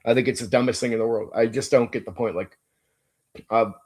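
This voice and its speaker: Fairly quick and steady in tone, this man's mid-range voice is a little mellow and slightly rough. As host of his own channel and a game master, he bluntly and emphatically explains how he runs tabletop games, swearing frequently and sprinkling in "like, dude."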